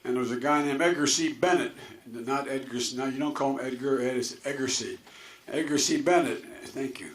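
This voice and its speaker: A man's voice: mid-range voice, a little fast. Older man, folksy rambling speech, echoey hall. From Delaware. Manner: folksy, rambling storyteller with chuckles and asides. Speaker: political candidate. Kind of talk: campaign speech to a crowd. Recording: echoey hall with faint noise.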